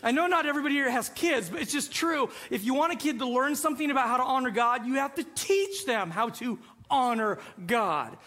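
High, bright-voiced storytelling pastor. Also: male voice, a little fast, hardly any pauses. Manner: animated storytelling, acts out voices. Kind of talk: sermon.

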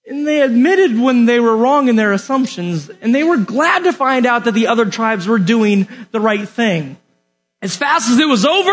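A young man teaching a Bible lesson from an outline, animated and often asking the audience questions. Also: very high voice, husky.

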